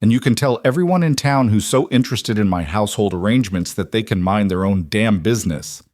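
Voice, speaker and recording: A man voicing a quiet cowboy who speaks in a calm, measured and firm way. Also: on the low side, dry recording, studio quality, close to an everyday voice.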